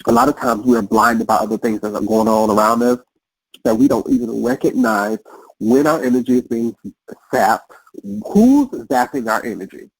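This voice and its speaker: Podcast guest, male, husky, reflective repeater, dry close sound. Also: mid-range voice, moderate pace, no room sound, rough recording. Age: adult. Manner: reflective, repeats phrases, restarts often. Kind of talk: casual conversation.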